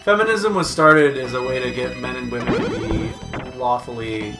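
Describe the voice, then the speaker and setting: A man's voice: medium pitch, normal speed. A man co-hosting a casual chat, blunt and heavily profane. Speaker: co-host. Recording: loud background music.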